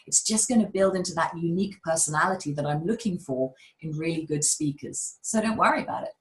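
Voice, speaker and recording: A public speaking coach with a neutral British accent speaks on a webinar video call. Her voice sits a little low for a woman. She talks with emphatic energy and turns often to address the audience directly. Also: fairly quick, hardly any pauses, low-quality recording. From United Kingdom. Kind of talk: webinar advice talk.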